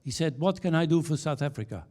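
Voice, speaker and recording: Delivering a conference keynote from the stage, a man with a slightly high, expressive, somewhat mellow voice shares anecdotes. His sentences stop and start over, and he caps them with punchlines.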